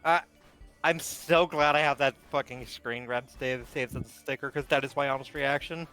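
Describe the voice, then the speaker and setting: A man's voice: mid-range voice, steady tone, moderate pace, sharp tone, smooth, soft background music, poor audio. A young man in casual chat who jokes around, blurting absurd lines and laughing easily.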